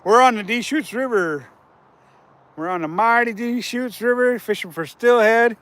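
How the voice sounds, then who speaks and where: A man's voice: very high voice, normal speed, a bit bright, no echo. A man hosting a casual fishing livestream from outdoors by a river, chatting with viewers and laughing often.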